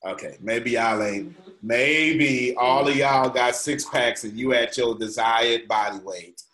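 Bright-voiced, emphatic male coach. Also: medium pitch, slow pace, echoey room, low-quality recording. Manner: emphatic, preachy, colloquial. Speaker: motivational coach leading a group call. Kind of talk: motivational teaching on a call.

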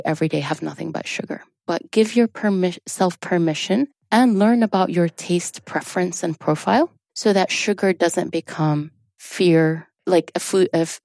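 A woman's voice: on the low side, creaky, a little mellow, no echo, clean studio sound. A woman, a drama therapist, talking as a guest in a casual interview, explaining earnestly and laughing easily.

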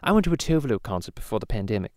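A man's voice: on the low side, sing-song, very fast, dry recording, studio quality. A man playing a crude cartoon baby boy in a parody podcast, rambling through stories with lots of swearing and restarts. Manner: rambling storyteller, swears a lot, many restarts. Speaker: podcast host. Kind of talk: casual parody podcast chat.

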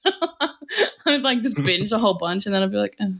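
A woman in her twenties co-hosting a podcast, telling stories in a casual, animated way with lots of laughter. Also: medium pitch, fairly quick. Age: 20s. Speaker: podcast co-host. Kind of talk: casual chat.

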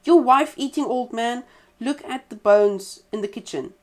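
A woman voicing a wicked, shapeshifting male badger who taunts loudly in a storybook tale. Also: a little high, lively intonation, moderate pace, pitched above the performer's own voice. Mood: jeering. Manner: loud, jeering taunts.

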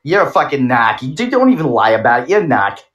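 A man with a mid-pitched voice spouting profane, mock-tough trash talk in a crude banter with a friend. He keeps up a rough, joking bravado, with laughs mixed in. It sounds like a casual streaming session. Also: sing-song, fast, a bit bright.

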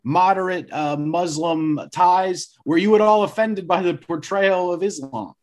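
A man's voice: high voice, unhurried. A man hosting a casual group chat over a video call, asking wry, joking questions. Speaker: podcast host.

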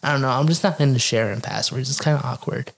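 A young man with a gravelly, creaky voice, talking loosely and profanely with a friend. He laughs a lot and jumps into quoted voices as he tells a story. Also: mid-range voice, fast talker. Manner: laughs often, acts out quoted lines. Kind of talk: casual profane chat.

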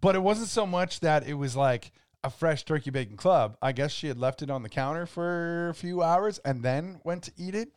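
A man co-hosting a podcast, telling a personal story in casual chat, halting and repeating words, swearing now and then. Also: fairly high pitch, smooth, no room sound, studio quality. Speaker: podcast co-host.

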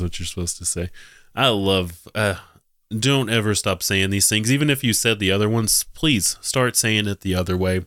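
A man with a very low voice hosts a casual commentary podcast. He sounds mocking and sarcastic and stumbles over restarts. The recording is dry, with no room sound. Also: a little slow, fairly bright tone, dry recording. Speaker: podcast host.

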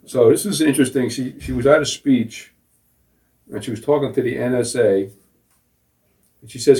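Male talk show host, scoffing and sarcastic, mid-pitched, recorded off-mic. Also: moderate pace, pauses often, a little mellow. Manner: sarcastic, scoffing, laughs at his own jokes. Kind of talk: mocking political talk show banter. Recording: voice distant from the mic.

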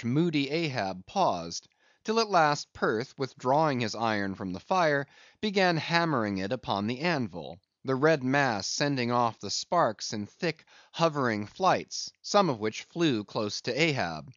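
Slow, measured male audiobook narrator. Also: mid-range voice, sing-song, fairly bright tone, dry recording, lo-fi sound. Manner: measured, deliberate storytelling. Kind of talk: scripted literary narration.

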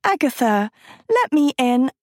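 A woman's voice: sits high, very animated, unhurried, a little mellow, no echo, clean studio sound, pitched above the performer's own voice. A woman reading an audiobook, voicing a vain, sugar-sweet teenage girl who coos and wheedles. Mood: coaxing. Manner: cooing, wheedling. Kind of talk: audiobook character voice.

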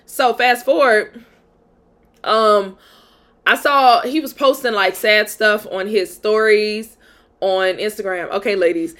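A woman's voice: fairly high pitch, sharp tone. Young woman host, candid storytime monologue, chatty with fillers. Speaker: podcast host.

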